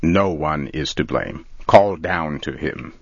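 A man voicing a calm, firm older man who speaks in measured tones, in a dull lo-fi recording. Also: rumbling low, no echo, exaggerated voice.

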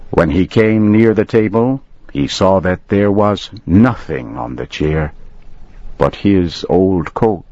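A man reading a story aloud as a slow, measured, expressive storyteller. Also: deep voice, no echo. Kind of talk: slow scripted story narration. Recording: dull dry lo-fi audio.

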